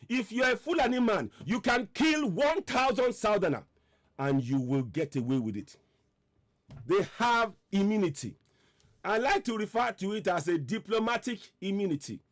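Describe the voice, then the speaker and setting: A man hosting a radio commentary, his voice pitched high and swinging widely as he presses his point. He piles up repeated rhetorical questions with mounting force. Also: very animated, normal speed. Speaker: online radio host. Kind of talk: impassioned political commentary.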